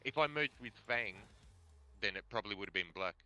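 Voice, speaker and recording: Low guy with a super bright sharp voice, rambling in game chat. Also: expressive, brisk, a little hiss or hum, poor audio. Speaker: player. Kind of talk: casual chat during a tabletop game.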